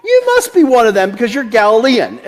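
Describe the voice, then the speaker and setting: A man's voice: extremely high pitch, huge pitch swings, a little fast. A man in his forties with a Delaware accent, a pastor giving a casual, conversational sermon, laughing often and restarting his sentences. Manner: chatty, laughs often, many restarts and fillers.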